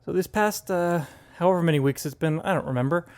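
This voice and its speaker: A man co-hosting a casual podcast, chatty and quick to laugh at his own jokes. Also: fairly high pitch, darkish tone. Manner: chatty, laughs often, self-deprecating jokes. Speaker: podcast co-host. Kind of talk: casual chat.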